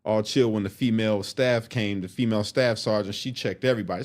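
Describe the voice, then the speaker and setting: Profane, animated male storyteller. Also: fairly low pitch, fairly quick. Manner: profane, animated, acts out quotes. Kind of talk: casual storytelling.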